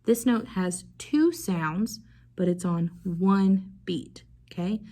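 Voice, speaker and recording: A young woman music teacher with a dark-toned, mid-range voice leads a video lesson for small children. She speaks slowly and encouragingly, prompting them to repeat after her.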